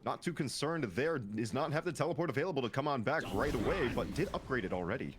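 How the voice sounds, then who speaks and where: A man casting an esports match, calling the play quickly and excitedly, with laughs between plays. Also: mid-range voice, music in the background. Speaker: play-by-play caster. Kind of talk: esports commentary.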